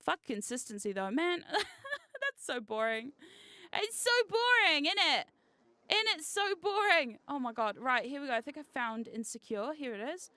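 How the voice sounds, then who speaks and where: A woman streamer chatting casually on a live stream, excitable and giggly, swearing freely. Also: sits high, moderate pace, no echo. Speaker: VTuber streamer.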